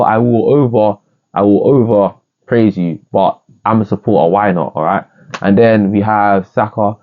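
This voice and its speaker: A man giving a casual, rambling review of a football match, jokey and excitable. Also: fairly low pitch. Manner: excitable, rambling, jokey, with bursts of singing and quoting. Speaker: football fan vlogger. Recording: tinny phone-like sound.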